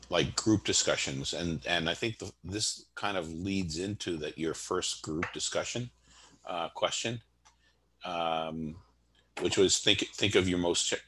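A man hosting a live online discussion, talking in a halting, conversational way. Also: low-pitched, a bit bright, slightly rough. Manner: conversational, halting, thinks aloud. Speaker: host, moderator.

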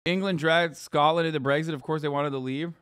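A man's voice: fairly high pitch, steady tone, a little fast, fairly bright tone, clear, resonant tone, no echo, studio quality. A man streaming casual reaction commentary, profane and joking.

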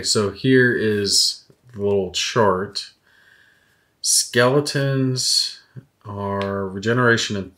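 A man's voice: lowish voice, sharp tone. A man chatting casually while painting miniatures, rambling through stories and swearing freely. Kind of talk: casual rambling hobby chat.

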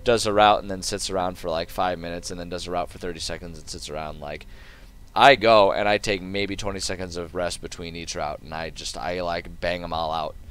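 A man's voice: low voice, fairly even intonation, a little fast, fairly bright tone, clean tone. A young man streaming a game, rambling and joking in casual commentary. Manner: rambling, joking, laughs often.

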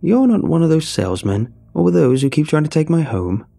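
A man's voice: sing-song, moderate pace, gravelly, dark tone, soft background music, heavily acted. A man voicing a shrewd elderly woman who squawks and rambles, turning snappish. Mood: shrill, rambling. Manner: shrill, snappish.

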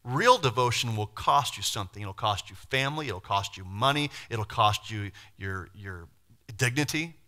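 A man pastor preaching a sermon, lively, acting out Bible figures in quick voices and putting questions to the congregation. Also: on the low side. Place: church.

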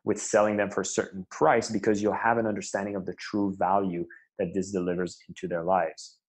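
A man with a somewhat low voice is talking in a podcast interview. He tells sales stories with eager, animated energy. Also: a little fast. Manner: enthusiastic, animated storytelling. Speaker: sales and marketing leader, guest.

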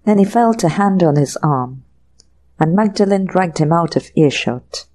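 Slow, mellow woman narrating a mystery. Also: on the low side, lively intonation. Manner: unhurried, acting out each character's lines. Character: narrator of a classic mystery tale. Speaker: audiobook narrator. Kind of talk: scripted narration.

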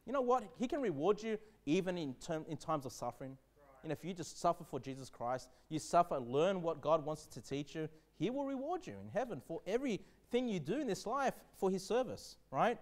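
A pastor delivers a sermon in a notably high, light male voice. He reads verses slowly with weight, then talks earnestly, often stopping to ask the congregation "okay?". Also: very animated. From Australia. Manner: earnest preaching, slow emphatic scripture reading, frequent "okay?" checks.

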